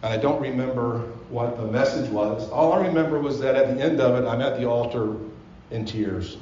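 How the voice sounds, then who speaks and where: Male pastor, mid pitch, earnest storytelling sermon, roomy church recording. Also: a little mellow, slight background noise. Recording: roomy, slightly dull live sermon recording.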